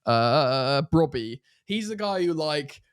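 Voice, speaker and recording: A man from England chatting casually about football on a podcast, animated and quick to swear. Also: fairly high pitch, clean tone, no room sound, studio quality. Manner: animated, swears freely, puts on playful accents. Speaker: podcast co-host.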